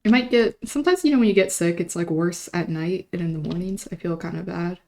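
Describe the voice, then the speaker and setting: A young woman talks casually to her stream, rambling and poking fun at herself. Her voice sits a touch low, and her throat is still slightly sore. The delivery is loose, full of asides. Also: quick pace, darkish tone. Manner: rambling, chatty, self-deprecating. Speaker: livestream host. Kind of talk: casual chat.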